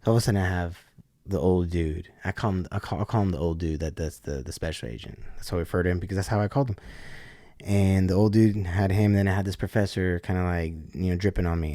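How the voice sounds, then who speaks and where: Doing the voices of everyone involved, the same podcast guest spins a slangy, easygoing story. He has a low, mellow voice, captured in a dry, clean studio recording.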